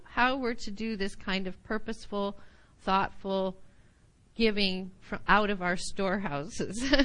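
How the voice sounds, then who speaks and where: A woman teaching a Bible study class, animated, often checking in with her listeners. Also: fairly high pitch, poor audio.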